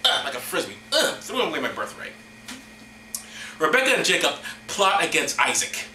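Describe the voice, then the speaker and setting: Guy hamming up scripture readings with deadpan jokes, bright lively voice, echoey room. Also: on the high side, normal speed, a little hiss or hum. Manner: deadpan asides, hammy dramatic reading. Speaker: host. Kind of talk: mock-solemn comedic scripture reading.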